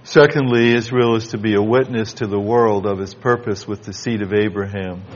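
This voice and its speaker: A man preaching a Bible exposition sermon, reading scripture aloud in measured King James wording. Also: fairly low pitch, fairly even intonation, dull audio, slight background noise.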